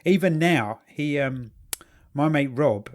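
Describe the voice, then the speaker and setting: A man's voice: on the high side, lively intonation, takes it slowly. A man co-hosting a casual podcast, chatting loosely and swearing freely while recounting a documentary. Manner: chatty, swears freely, quotes people in little voices. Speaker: podcast co-host. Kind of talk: casual chat.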